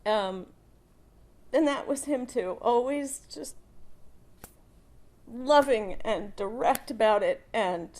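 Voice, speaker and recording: A middle-aged woman delivers a eulogy for her father at a funeral service, her voice pitched a little high. She talks slowly and unhurriedly, fond and warm in her recollections, often breaking into laughter between memories. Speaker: daughter giving a eulogy.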